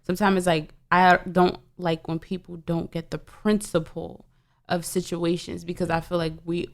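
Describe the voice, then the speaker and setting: A woman's voice: fairly low pitch, little pitch movement, moderate pace. A woman co-hosting a podcast, speaking bluntly and with strong opinions in casual chat. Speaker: podcast co-host.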